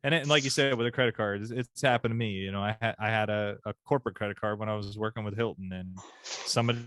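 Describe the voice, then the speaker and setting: A man co-hosting a podcast in casual chat, excitable, stumbling over repeated words and laughing as he talks. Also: fairly low pitch, quick pace, very noisy. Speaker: podcast co-host.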